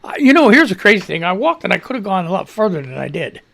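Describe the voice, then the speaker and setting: A man hosting a live radio show in casual, rambling chat, loud greetings and freely swearing, audibly short of breath. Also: high-pitched, big pitch swings, quick pace, vocal fry.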